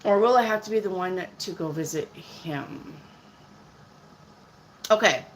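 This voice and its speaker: A woman's voice: lowish voice, measured pace, slight background noise, low-quality recording. Blunt, chatty tarot reader woman in her 50s. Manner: blunt, chatty, answers questions from chat. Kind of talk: live-stream reading of viewer questions.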